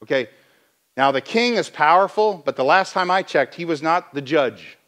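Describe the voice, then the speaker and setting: A male pastor giving a sermon in a church, in a conversational, animated way with many restarts. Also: fairly high pitch, moderate pace.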